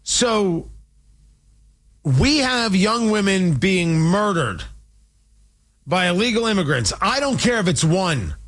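A man's voice: high-pitched, sing-song, slow, long pauses, a bit bright. A man hosting a political opinion show, talking in an indignant, mocking and emphatic monologue. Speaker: talk show host.

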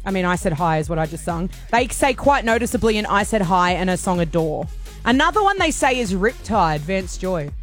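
A woman's voice: lowish voice, very animated, a little fast, faint music behind. An Australian woman co-hosting a casual chat, explaining her points with examples. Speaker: co-host.

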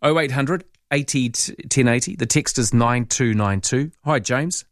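A man's voice: medium pitch, measured pace, no echo, studio quality. A man with a New Zealand accent hosting late-night talk radio, chatting in a rambling way with asides to listeners. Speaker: overnight talk radio host. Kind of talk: casual call-in radio chat. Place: radio studio. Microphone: studio microphone.

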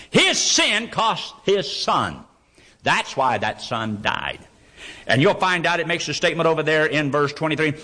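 A man's voice: high voice, pushed and bright. A man preaching a sermon, reading scripture aloud and driving his points home with rhetorical questions he answers himself. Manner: reads King James scripture aloud.

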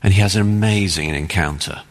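A man's voice: deep voice, brisk, in a large hall. A man with an English accent, a pastor preaching an earnest, emphatic sermon. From England. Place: church sanctuary.

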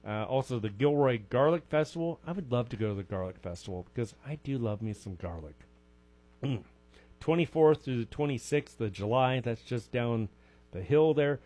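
A man's voice: mid-range voice, darkish tone. Male radio host, folksy and chatty, reads event lists with jokey asides. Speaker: radio swap show host. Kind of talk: casual radio chat.

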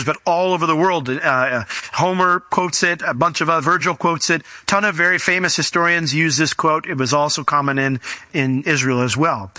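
A man's voice: fairly high pitch, pushed and bright, no echo. A man preaching a conversational, emphatic sermon as a pastor, explaining scripture to his congregation.

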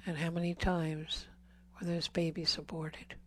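A woman's voice: low voice, flat delivery, measured pace, slight background noise. A woman giving an earnest Catholic talk to a congregation, pleading with repeated questions and dropping to whispers on key words. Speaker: speaker at a healing service.

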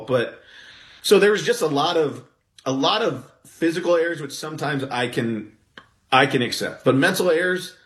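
A man, a former pitcher, talking baseball in a blunt, animated way that rises into exasperated outbursts. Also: moderate pace. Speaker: former pitcher, podcast guest. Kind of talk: casual sports talk. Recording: roomy echo.

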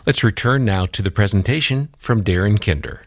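A man hosts a radio program with a very deep, low voice. The sound is close and dry, with no room around it, and he reads in a smooth, measured announcer manner. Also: no echo. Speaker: radio show host. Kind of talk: scripted broadcast announcement.

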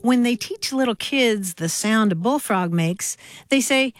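A woman's voice: fairly high pitch, lively intonation, unhurried, no room sound. A woman co-hosting a call-in radio show, conversational and informative as she shares listener messages. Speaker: co-host of a language call-in show.

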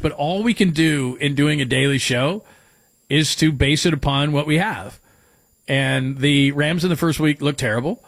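A man's voice: fairly bright tone, slightly rough, no echo. Chatty male sports radio host, dry sound. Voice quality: light, higher voice. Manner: rambling, jokey, reads listener texts. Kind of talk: casual sports talk.

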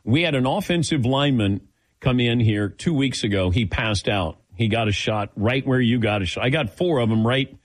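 A man hosting a talk show, telling stories in a casual, animated way and acting out the dialogue. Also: medium pitch, normal speed, dry recording. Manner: animated storyteller, acts out dialogue with laughs. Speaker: radio show host.

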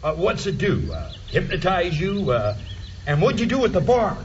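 An actor playing a gruff, irritable rural sheriff in an audio drama, blustering and indignant, with folksy speech. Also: male voice, high-pitched, sing-song, normal speed, slight background noise. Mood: exasperated. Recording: slightly dull audio drama recording.

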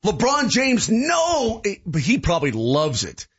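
High-voiced emphatic sports radio man. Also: huge pitch swings, a little slow, fairly bright tone, husky. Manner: emphatic, interrupting, repeats himself. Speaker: radio co-host. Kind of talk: sports talk radio debate. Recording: lo-fi radio broadcast.

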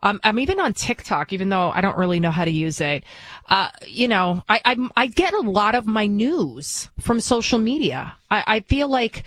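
A woman's voice: mid-range voice, big pitch swings, normal speed, a bit bright, no room sound. A woman who hosts a news show talks in a blunt, outspoken and opinionated casual monologue. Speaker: news TV host.

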